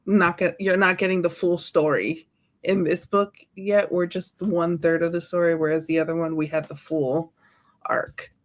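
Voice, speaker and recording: A woman's voice: lowish voice, little pitch movement, moderate pace. A woman co-hosting a book club podcast, chatting casually, laughing often and explaining eagerly. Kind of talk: casual chat.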